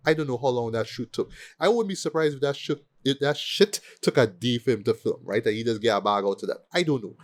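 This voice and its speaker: Casual podcast co-host, man, animated and profane, mid-range voice. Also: medium pitch. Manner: animated, profane, acts out quoted lines. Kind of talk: casual ranting movie review.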